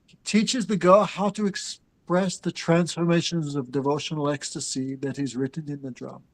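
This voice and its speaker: A man's voice: on the high side, rough recording. Man teaching a scripture class. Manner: chants Sanskrit and Bengali verses, then explains them with asides to students. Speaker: spiritual teacher.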